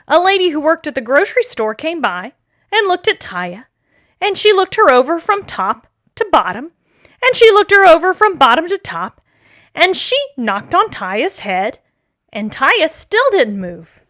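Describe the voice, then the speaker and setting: High, sing-song woman reading a children's story. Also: no room sound, studio quality. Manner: slow, expressive, sing-song.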